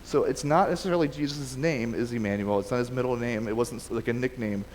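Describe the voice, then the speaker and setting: A man's voice: medium pitch, fast talker, darkish tone, in a large hall, a little hiss or hum, rough recording. A man preaching a casual sermon and reading scripture aloud, talking conversationally with frequent restarts and self-corrections. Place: church sanctuary.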